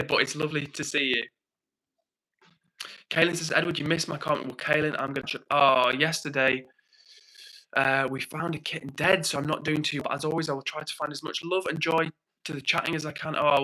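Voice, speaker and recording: A young British man hosting a livestream, chatting casually, reading out viewer comments and thanking people warmly. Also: fairly high pitch, rough recording. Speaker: livestream host.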